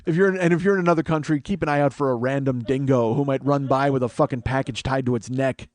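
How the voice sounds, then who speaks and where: A man's voice: medium pitch, fairly even intonation, quick pace. A man hosting a podcast, telling rambling, profane comic stories in a casual monologue. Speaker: podcast host.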